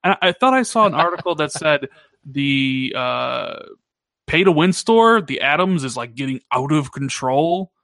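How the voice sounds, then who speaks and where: A man co-hosting a gaming podcast, talking in a casual, teasing way and jumping up in pitch when he jokes. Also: a little slow, creaky, dry recording, studio quality. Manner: animated, teasing, pitch jumps up when joking. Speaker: podcast co-host.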